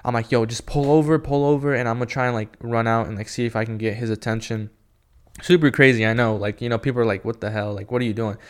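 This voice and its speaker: A young man telling a story in a casual, excited, rambling way, full of filler words. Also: on the low side, fast, smooth. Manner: excited, rambling, heavy use of "like" and "yo". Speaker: skateboarding fan telling a story.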